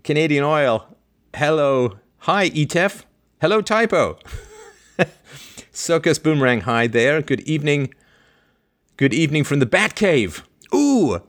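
A man's voice: unhurried, long pauses. A man hosting a livestream, chatting playfully, joking and laughing as he reads out viewer greetings. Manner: animated, jumps between high and low pitch. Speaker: host.

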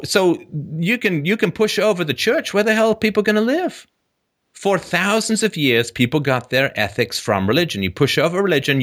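Guy hosting a call-in show, bouncy lively voice, bright tone, jokes around and restarts a lot. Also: fairly high pitch. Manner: animated, joking, frequent restarts. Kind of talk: casual call-in conversation.

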